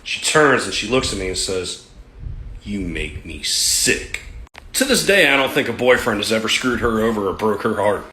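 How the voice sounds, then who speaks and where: A man's voice: fairly low pitch, lively intonation, a little fast, bright, forceful tone, slight background noise. A man, a father, telling a story wryly and swearing casually. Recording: roomy echo.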